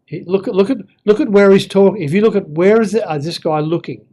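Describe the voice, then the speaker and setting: A man's voice: sits high, quick pace, dark tone. A man giving an informal Bible lesson, thinking aloud with fillers and reading verses with feeling. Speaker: Bible teacher.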